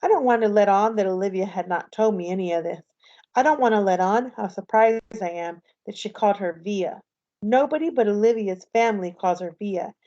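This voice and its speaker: A woman teacher reads a novel aloud in a steady storytelling voice. Her tone is mellow and a little dark, and the lo-fi recording dulls it slightly. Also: mid-range voice, fairly quick.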